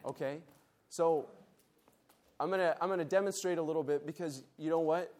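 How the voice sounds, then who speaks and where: His voice leans high with a darkish tone, and he keeps a moderate pace. At a conference meeting he teaches from the Bible and has the audience join in a call-and-response group exercise.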